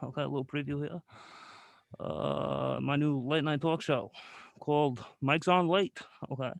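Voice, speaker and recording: A man's voice: on the high side, steady tone, measured pace, creaky, dry recording. A man playing a bumbling, out-of-breath late-night host who rambles, says "okay" after every phrase and belts off-key songs. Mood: rambling. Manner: belts off-key song snippets. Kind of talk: comedic character bit.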